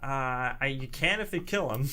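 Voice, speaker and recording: A playful man running a tabletop game, his voice bright and forceful. He narrates with a grin, laughs easily and drops in sound effects. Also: medium pitch, expressive, moderate pace. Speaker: game master.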